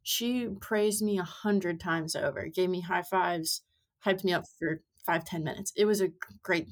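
This amateur rider in her twenties, guesting on a podcast, chats her way through stories with many fillers. Her lowish voice stays fairly even in intonation and moves a little slowly.

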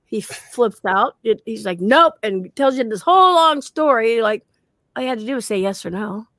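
A woman with a slightly high voice tells her ghost stories with lively energy, jumping into the voices of the people in them. She is recorded close and dry, with no room sound. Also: moderate pace, no echo. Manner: animated storyteller, acts out quotes, laughs often. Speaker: guest paranormal investigator. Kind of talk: casual podcast chat.

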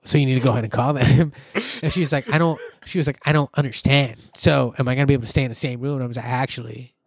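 A young man from Southern California, chatting casually on a podcast, loud and profane as he tells stories. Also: mid-range voice, quick pace, no room sound, studio quality. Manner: loud, profane, animated storytelling. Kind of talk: casual chat.

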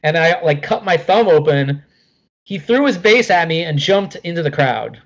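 A middle-aged man spins a casual anecdote, animated and loose, swearing freely and leaning on "like". His voice sits a little high. The audio is dull and lo-fi. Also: normal speed. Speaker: guest.

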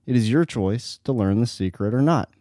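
A man voicing a calm, patient old guru who speaks in measured words within a story he tells. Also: medium pitch, dry recording, studio quality, lightly acted.

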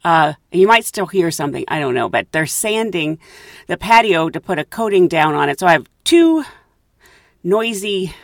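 Female podcast host, self-mocking storyteller, very animated pitch, dry closet recording. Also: moderate pace, gravelly, no room sound. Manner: chatty, giggly, self-mocking. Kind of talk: casual storytelling monologue. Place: closet at home.

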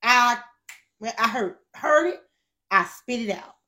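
A woman's voice: a little high, expressive, a little slow, pushed and bright. A woman co-hosting a casual faith podcast, telling a personal story in a conversational way. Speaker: podcast co-host.

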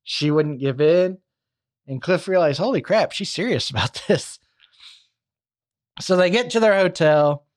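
A young man tells a true crime story in a conversational, wry way. His voice sits slightly high for a man. The recording is dry and close to the mic. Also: smooth, no room sound. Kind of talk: casual true crime narration.

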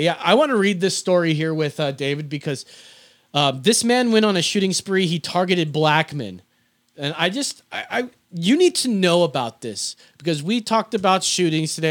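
A man hosting a podcast in casual chat, swearing freely and rambling excitedly. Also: on the high side. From Filipino family. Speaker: podcast host.

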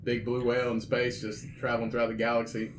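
A man's voice: mid-range voice, completely flat delivery, fast talker, slight background noise. A man co-hosting a podcast in casual chat, joking and swearing as he riffs on absurd ideas. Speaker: podcast co-host. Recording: echoey room.

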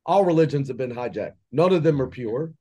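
A man's voice: medium pitch, lively intonation, fairly quick, mellow, breathy edge, highs cut off. A man, a podcast guest, lays out his beliefs in an impassioned monologue, firing off rhetorical questions. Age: adult with children. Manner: preachy, fires rhetorical questions. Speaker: podcast guest, entrepreneur and mentor.

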